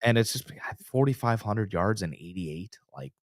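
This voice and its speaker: A man's voice: lowish voice, normal speed, no echo, studio quality. A man co-hosting a casual sports podcast, telling stories with lots of energy and acting out the quotes. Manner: animated storyteller, acts out quotes. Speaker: podcast co-host.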